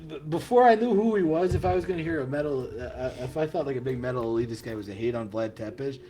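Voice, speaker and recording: A man co-hosting a podcast in casual chat, excitable and profane, laughing often and tripping over his words. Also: mid-range voice, fast talker, faint music behind. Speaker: podcast co-host.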